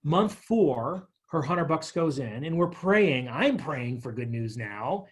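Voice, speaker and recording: A man with a slightly husky, fairly high voice leads a money workshop. He talks in a lively, conversational way, walking through workbook examples and telling small stories to make each point. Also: slow. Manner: energetic, chatty, tells stories with acted quotes. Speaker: financial literacy workshop presenter.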